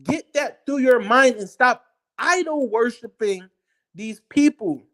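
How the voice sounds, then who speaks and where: Heated rant, blunt, profane, combative, repetitive, middling pitch. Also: expressive, slow pace, a bit bright. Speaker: political commentator. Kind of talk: heated ranting monologue.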